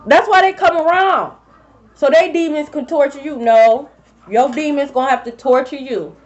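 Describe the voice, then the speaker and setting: A woman reads tarot for her viewers in a high voice, blunt and profane. The sound is slightly dull and lo-fi. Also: normal speed. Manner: blunt, profane and animated, talking straight to viewers. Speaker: tarot reader. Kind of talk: casual tarot reading for viewers.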